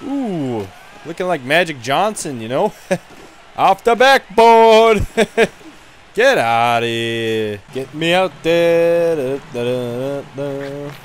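Brief: man playing a rowdy, dim hockey goon who trash-talks, lively swooping voice, slow drawl. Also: a little high, slight background noise. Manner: rowdy trash talk, frequent laughs. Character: brash dim-witted young male hockey goon. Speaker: gaming video creator. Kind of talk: in-character gameplay commentary.

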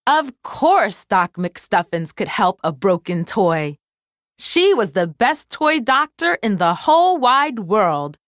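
A woman reading a children's storybook aloud in an expressive storytelling manner. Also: mid-range voice, slow, no echo, clean studio sound. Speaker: storybook reader. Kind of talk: scripted narration for children.

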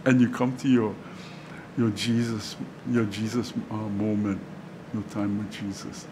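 Halting, conversational man preaching a sermon. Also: lowish voice, flat delivery, background noise. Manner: conversational, halting, many fillers and restarts. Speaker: pastor. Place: church sanctuary.

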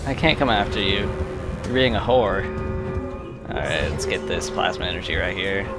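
A young man casually commenting while playing a game, tipsy from drinking and breaking into loud joking outbursts. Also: sits low, moderate pace. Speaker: gamer doing a let's play. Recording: game music playing behind.

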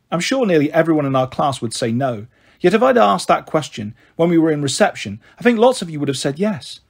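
A man reading a children's novel aloud in a gentle, expressive storyteller manner. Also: on the high side, gravelly, breathy edge.

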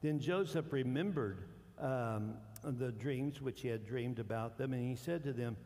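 Gravelly preacher in an echoing church. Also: male voice, medium pitch, unhurried. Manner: animated preaching, swings from hushed to loud. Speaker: pastor. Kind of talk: sermon. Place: church sanctuary. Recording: long church hall reverb.

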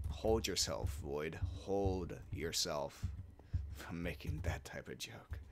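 A young man doing casual let's play commentary, talking to himself and swearing a lot, swinging from mumbles to loud outbursts. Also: fairly low pitch, creaky, a little hiss or hum. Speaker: gamer.

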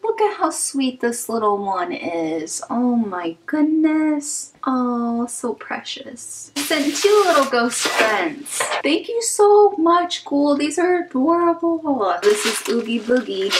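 A woman's voice: fairly high pitch, a little hiss or hum, poor audio. Gushing young woman opening fan mail. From Wichita, Kansas. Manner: gushing, emotional, many "like" fillers. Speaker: YouTube channel host.

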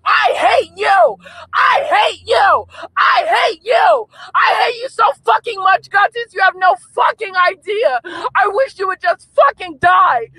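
A woman's voice: very high-pitched, unhurried, sharp tone, dry recording, shouting, rough recording. A woman in a clip screaming a furious, profane rant at her ex-partner.

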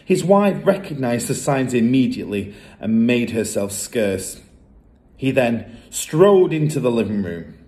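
Male storyteller, mid-pitched voice, animated children's book reading. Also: measured pace. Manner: expressive, lively storytelling.

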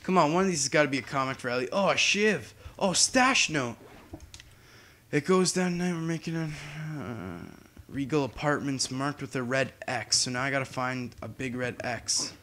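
A man's voice: mid-range voice, normal speed, sharp tone. Young guy doing a game walkthrough, rambly and casual, hums between lines. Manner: chatty, distracted, hums to himself. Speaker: gaming YouTuber. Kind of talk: casual gameplay commentary.

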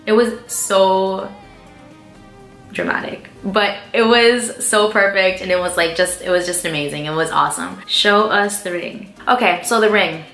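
A young woman beauty vlogger answers viewer questions in casual, chatty talk that's full of "like" and "um." Her voice is mid-range, bright and forceful. The room is echoey, with faint music playing.

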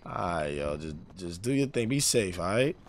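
A man streaming a role-play game, chatting in character in heavy slang and often repeating himself. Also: low voice. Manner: slangy, repeats himself, teasing then bossy.

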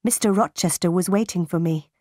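A woman narrating a graded reader for English learners in a clear, careful, deliberate way. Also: lowish voice, a little mellow, no echo, clean studio sound. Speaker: audiobook narrator.

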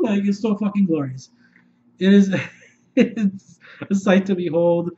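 Excitable, foul-mouthed man with a high voice. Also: unhurried, pauses often, highs cut off, a little hiss or hum. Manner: excitable, rambling, heavy swearing. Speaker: movie reviewer. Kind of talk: unscripted video review.

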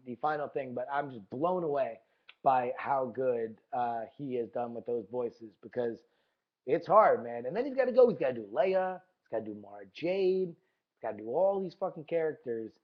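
A man's voice: medium pitch, lively intonation, moderate pace. A man hosting a podcast in a casual monologue, enthusiastic and profane, often repeating his words. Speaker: podcast host. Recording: dull lo-fi recording.

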